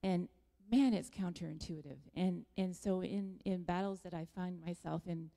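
A woman gives a reflective, encouraging testimony to a church group. Her voice is low and gravelly with a dark, mellow tone. The long reverb of a large hall hangs around her words. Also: moderate pace.

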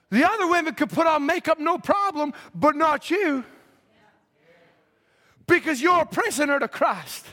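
A man preaching a fervent sermon in a church, his impassioned delivery swelling into shouts. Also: very high voice, sing-song, measured pace. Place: church sanctuary.

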